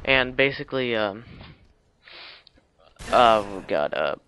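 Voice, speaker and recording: A man's voice: lowish voice, animated, slow pace, pushed and bright, a little hiss or hum, rough recording. A man casually retelling a film's plot for a video, rambling with lots of fillers and restarts, with teasing asides. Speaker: video blogger.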